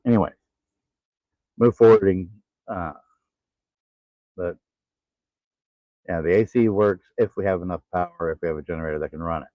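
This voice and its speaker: Tired man in his forties, low voice. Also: no room sound. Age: 40s. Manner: halting, tired, pauses to catch breath. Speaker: vlogger. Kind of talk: casual personal vlog. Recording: tinny phone-like sound.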